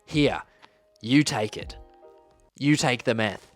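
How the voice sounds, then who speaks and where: A man voicing a shady, pushy middle-aged father speaking in a low, hushed, urgent way. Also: takes it slowly, soft background music, lightly acted.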